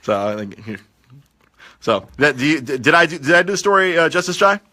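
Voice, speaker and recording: A man tells a story on his podcast with a bright, sharp tone. His pitch jumps all over as he acts out each person in it, and he sits a little higher than most men. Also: fairly quick. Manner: lively, acts out voices in his story, laughs often. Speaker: podcast host. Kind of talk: animated storytelling chat. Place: radio studio.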